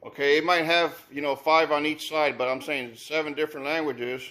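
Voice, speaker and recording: A man's voice: on the high side, fairly even intonation, brisk, sharp tone. A man casually reviewing sneakers, thinking aloud with many repeated words and restarts. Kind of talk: casual unboxing commentary.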